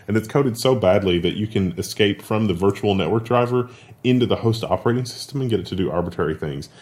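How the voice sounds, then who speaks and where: A man co-hosting a casual tech news show, explaining security stories in a joking, rambling way. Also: lowish voice. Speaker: show co-host, business owner.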